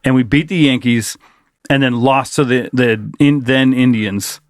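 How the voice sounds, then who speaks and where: A man co-hosting a podcast in casual chat, telling animated stories, acting out what people said and swearing freely. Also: medium pitch, unhurried, no echo, studio quality. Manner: animated storyteller, acts out quotes, swears freely. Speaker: podcast co-host.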